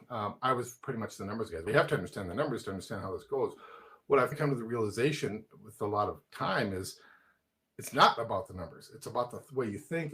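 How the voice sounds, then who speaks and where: A man with a lowish voice hosts a relaxed conversation. He tells stories with animation and quotes himself and others as he goes. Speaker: host. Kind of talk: casual conversation.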